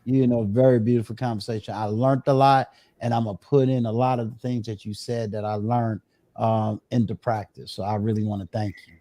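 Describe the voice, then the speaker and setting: A man's voice: on the low side, fairly even intonation, a little fast, warm tone, dry recording, studio quality. A middle-aged man hosting a casual live-stream chat, drawing out his phrases with many fillers. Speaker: host.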